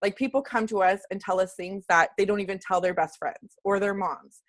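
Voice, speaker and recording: A woman's voice: medium pitch, a little fast. Chatty woman leading a group call, laughs easily, speaks openly about feelings. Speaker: team leader hosting a call. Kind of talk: casual team call chat.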